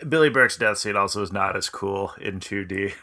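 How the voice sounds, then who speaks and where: A man on a casual movie podcast, talking with slangy enthusiasm. His voice is low but bright and forceful. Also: moderate pace. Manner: enthusiastic, slangy, emphatic agreement. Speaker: podcast co-host. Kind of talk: casual movie-review chat.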